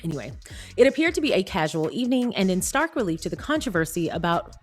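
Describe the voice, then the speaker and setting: A woman's voice: mid-range voice, sing-song, fast, soft background music. Woman, gossip-channel host, chatty and playful, mid-range voice, wanders into asides. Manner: chatty, playful, drifts into tangents. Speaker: celebrity news commentator. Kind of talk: casual commentary reading an article aloud.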